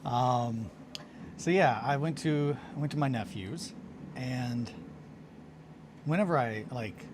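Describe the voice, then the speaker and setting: Sleepy male stream host, mid-pitch, rambling, noisy room. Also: takes it slowly, pauses often. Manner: rambling, self-interrupting, restarts and fillers. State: tired, just woken up. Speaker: hobby livestream host. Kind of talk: casual rambling storytelling to viewers. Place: home studio and workshop.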